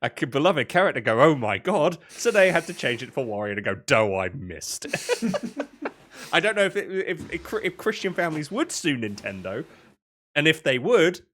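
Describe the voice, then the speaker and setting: A young British man co-hosting a casual podcast, rambling with excitement and often laughing. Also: a little high, fairly quick, slight background noise. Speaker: podcast co-host. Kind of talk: casual chat.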